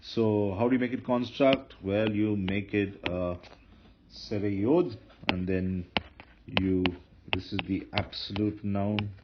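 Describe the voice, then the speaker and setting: A man teaching a grammar lesson, explaining step by step with fillers and self-corrections. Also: on the low side. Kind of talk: lecture. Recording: dull lo-fi lecture recording with faint noise.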